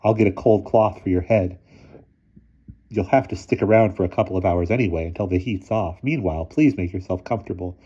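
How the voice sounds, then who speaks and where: A quick-witted schoolgirl talks in a chirpy, lifted voice, cheerful and sly, as a male reader acts her out. The sound is a little dull and lo-fi. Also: low voice, warm tone, slightly rough.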